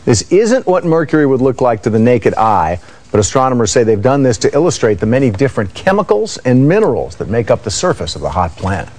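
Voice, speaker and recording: A man anchoring a news segment with an animated, lively voice that rises and falls. He drops light, chatty asides between the script. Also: medium pitch, brisk.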